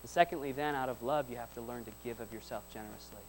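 A man preaching a sermon to a congregation in church. He builds repeated lines into loud emphatic peaks and drops to soft, quiet asides between them. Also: mid-range voice, fast, faint music behind, rough recording. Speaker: pastor. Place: church service before a congregation.

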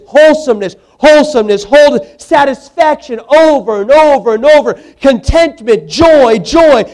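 A man's voice: very high voice, a little mellow. A man preaching a sermon, emphatic, repeating words for stress and putting questions to the congregation.

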